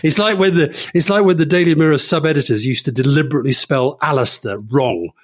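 A man's voice: on the high side, a little fast. A man co-hosting a political podcast, chatting casually in a teasing, mock-indignant way. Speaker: podcast co-host.

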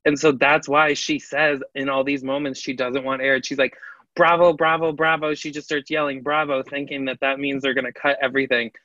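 Bright-voiced man co-hosting a podcast. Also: medium pitch, brisk, hardly any pauses, no echo. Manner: animated, laughs often, acts out quoted people. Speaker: podcast co-host. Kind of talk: casual chat. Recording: slightly dull, lo-fi audio.

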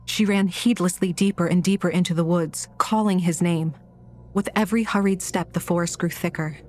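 A woman reading a horror audiobook in a measured, scripted narration style. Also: on the low side, fairly even intonation, darkish tone.

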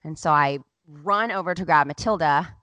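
A woman's voice: low-pitched, moderate pace, a bit bright, no echo. A woman in her thirties hosting a podcast, telling a personal story in a candid, emotional way with lots of "like". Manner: candid, emotional, heavy use of "like". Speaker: podcast host. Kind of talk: casual storytelling chat.

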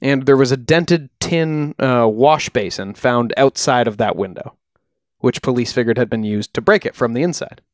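A man co-hosting a podcast, recounting a true-crime case in a relaxed, chatty way with frequent ums. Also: medium pitch, moderate pace, no room sound, studio quality. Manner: relaxed, uses fillers like uh and um. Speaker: podcast co-host. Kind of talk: casual true-crime storytelling.

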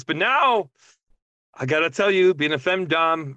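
A woman talking as a guest on a podcast, joking and animated, swearing freely in casual chat. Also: low voice, a little slow, dry recording, highs cut off.

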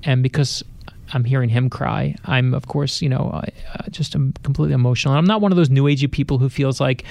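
Here the best-selling author, a middle-aged man interviewed in a radio studio, talks quickly with vocal fry in a mid-range voice that sounds a little mellow. He brings his personal anecdotes to life through animated storytelling, imitating the voices he quotes.

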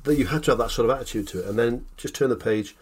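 A man's voice: medium pitch, a little hiss or hum. A man co-hosting a podcast in casual chat, often stumbling and repeating words. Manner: quick talker who stumbles and repeats words. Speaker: podcast co-host.

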